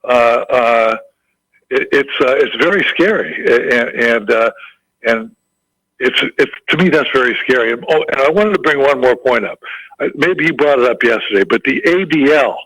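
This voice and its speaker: A man's voice: mid-range voice, expressive, moderate pace, a bit bright, dry recording, rough recording. A man calling in to a talk radio show, speaking casually with frequent stumbling restarts. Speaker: caller. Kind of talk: casual call-in chat.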